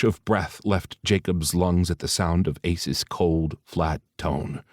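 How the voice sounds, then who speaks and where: A man reading an audiobook in steady, even scripted narration. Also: low voice, takes it slowly, few pauses, dry recording, studio quality.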